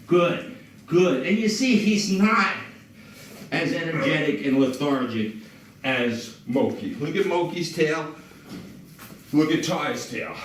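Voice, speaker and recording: A calm man teaching dog training, his voice lively and rising and falling as he explains and gives short commands. He sounds set back from the mic in an echoey room, with steady background noise. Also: on the high side, far from the mic. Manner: calm, explains while giving commands to dogs. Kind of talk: instructional demonstration. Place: indoors at a house.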